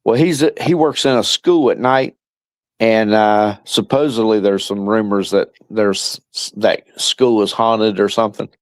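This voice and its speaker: A man's voice: lowish voice, steady tone, measured pace, dry recording. An older man in casual chat, a guest telling rambling stories and chuckling often.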